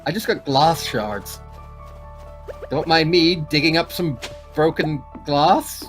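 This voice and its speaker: A man co-hosting a casual gameplay chat, animated and quick to swear, with sudden jumps in pitch when excited. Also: soft background music. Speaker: gaming co-host.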